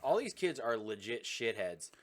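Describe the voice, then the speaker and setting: A man's voice: medium pitch, big pitch swings, moderate pace. A man co-hosting a casual movie podcast, joking crudely and laughing often. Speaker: podcast co-host.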